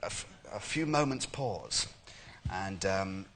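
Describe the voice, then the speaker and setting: Man telling an animated anecdote. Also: deep voice, takes it slowly, slight background noise. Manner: animated storytelling, slipping into impressions. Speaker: guest impressionist. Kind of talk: talk show anecdote.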